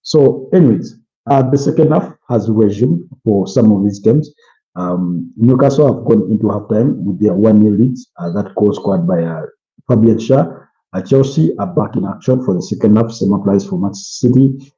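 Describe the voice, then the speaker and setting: With a lowish, mellow and animated voice at normal speed, a man from Uganda hosts a football watch-along while tired and yawning. He shares casual live commentary and opinions, rambling and filling gaps with "you know," and the audio is muffled lo-fi streaming.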